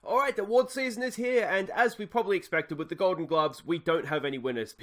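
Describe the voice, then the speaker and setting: A man's voice: sits high, fast. A young Australian man casually commentating a sports management game, thinking aloud with lots of ums and uhs. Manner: chatty, thinking aloud with many fillers. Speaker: let's play host.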